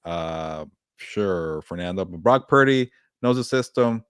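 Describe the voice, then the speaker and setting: A man with a lowish voice co-hosts a casual sports chat, recorded close and dry. He talks in a laid-back, hesitant way, often circling back with filler phrases. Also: lively intonation, a little slow, clear, resonant tone, no echo. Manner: laid-back, hesitant, many "you know"s. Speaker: podcast co-host.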